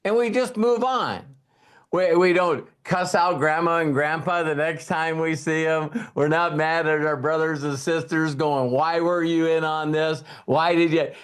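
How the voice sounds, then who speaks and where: Rambling, animated man giving a casual live talk. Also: fairly high pitch, measured pace, clear, resonant tone. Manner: rambling, animated storyteller with frequent fillers and laughs. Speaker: host.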